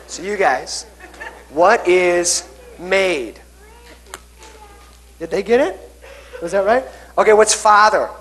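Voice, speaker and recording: A man's voice: on the high side, a bit bright, husky, low-quality recording. A young man, a pastor, giving a children's message in church, coaxing the kids through hand signs and checking in with "okay?" again and again. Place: church sanctuary.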